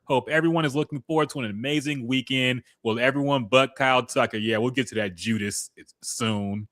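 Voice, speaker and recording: A man co-hosting a casual sports podcast, relaxed and loose, who swears now and then and sometimes blanks on names. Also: mid-range voice, fairly quick, no echo, studio quality. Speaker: podcast co-host.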